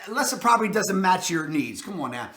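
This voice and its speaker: A man with a Baltimore accent, a real estate agent hosting an energetic advice talk, emphatic and full of catchphrases. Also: sits high, fairly quick, echoey room, a little hiss or hum.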